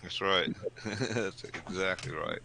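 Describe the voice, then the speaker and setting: Low gravelly guy hanging out in voice chat, slow and easy, laughs a lot. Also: bright, forceful tone, rough recording. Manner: laughs often, joking. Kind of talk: casual voice chat.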